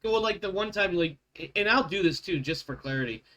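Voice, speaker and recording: Game master dude rambling, kinda high bright voice, swears a lot. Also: male voice, animated, fairly quick. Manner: rambling, self-correcting, swears freely. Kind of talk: casual out-of-character table talk.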